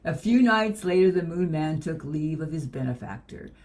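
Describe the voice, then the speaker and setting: A woman reading a children's book aloud in a gentle, measured way. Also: deep voice, lively intonation.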